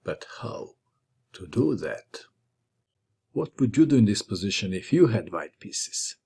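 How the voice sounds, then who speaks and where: A man's voice: lowish voice, a little slow, creaky, breathy edge. A man narrating a chess game move by move, with playful asides, as host of a chess lesson channel. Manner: lively, playful move-by-move commentary.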